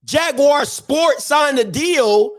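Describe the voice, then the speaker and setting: Man host, very high voice, loose rhetorical riffing, computer mic. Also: fairly bright tone. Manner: repeats himself, drawn-out rhetorical questions. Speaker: show host. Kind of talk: casual live-stream commentary.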